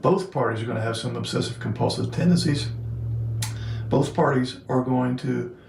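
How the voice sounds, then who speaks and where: Male coach, gravelly, mid-pitched, instructive repeat-after-me delivery, faint noise. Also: moderate pace, a little mellow. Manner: instructive, leads listeners through repeat-after-me scripts. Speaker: relationship coach. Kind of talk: casual coaching talk to camera.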